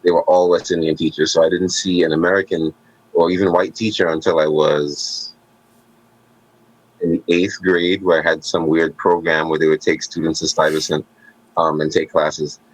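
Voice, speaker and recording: A man's voice: very deep voice, little pitch movement, moderate pace, dry recording, highs cut off. A man in casual conversation, talking emphatically and thoughtfully about everyday manners.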